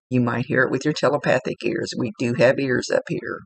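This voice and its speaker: A woman's voice: extremely low pitch, fairly even intonation, brisk, no room sound, rough recording. A woman psychic medium giving a rambling spirit reading. She sometimes half-whispers and corrects herself as she goes. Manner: rambling, self-correcting, laughs at own slips.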